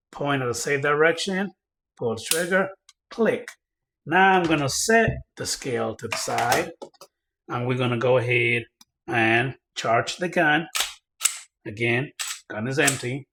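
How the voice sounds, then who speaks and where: Male reviewer, casual demo, talks to his viewers, gets excitable, mid-range voice, faint background noise. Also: mid-range voice. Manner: chatty, addresses viewers directly, excitable when reading results. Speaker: firearms reviewer. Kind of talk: casual hands-on product demo.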